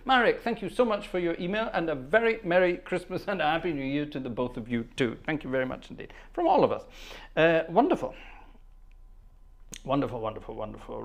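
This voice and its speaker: A man hosting a livestream organ concert, greeting viewers one by one in casual chat and humming between names. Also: fairly high pitch. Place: at the organ console.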